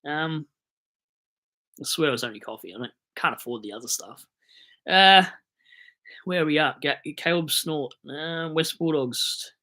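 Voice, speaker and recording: A man's voice: on the high side, unhurried, pauses often, pushed and bright. A young Australian man rambling and joking on a casual live stream about fantasy football, buzzing on coffee. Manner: rambling, jokey, hyped on coffee.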